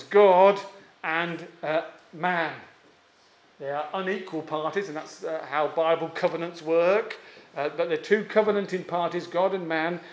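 A man's voice: high voice, reverberant. A man preaching an expository sermon, emphatic and given to repeating key phrases, with frequent fillers.

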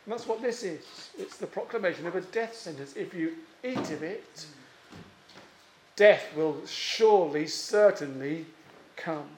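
A man's voice: sits high, expressive, measured pace, echoey room, slight background noise. A man preaching an expository sermon, emphatic and given to repeating key phrases, with frequent fillers.

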